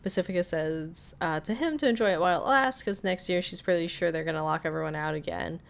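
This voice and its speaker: A woman with a smooth, clear voice that sits slightly low recaps a cartoon episode scene by scene. It's a relaxed podcast chat, full of quick laughs. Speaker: podcast co-host.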